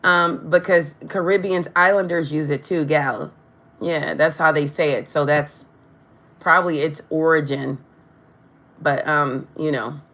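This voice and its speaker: A woman's voice: low-pitched, fairly even intonation, measured pace, fairly bright tone. A woman doing a live tarot reading, chatting to her viewers and often stumbling over her words. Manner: chatty, addresses viewers directly. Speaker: tarot reader.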